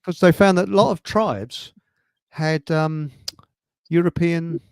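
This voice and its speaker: A man's voice: on the high side, slow pace, creaky, smooth, no room sound. A man hosting a casual livestream, reading out viewer comments and laughing at his own crude jokes. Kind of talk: casual chat.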